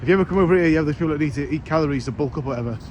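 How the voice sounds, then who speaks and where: Talking very fast in a fairly high pitch, a weary man jokes about himself in a relaxed travel vlog. Loud noise from the street and crowds fills the recording.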